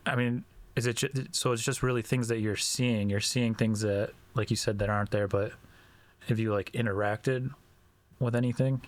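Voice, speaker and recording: A man voicing a calm male chaplain who asks gentle, measured questions in a tabletop game. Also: fairly low pitch, dry recording, natural voice. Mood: probing.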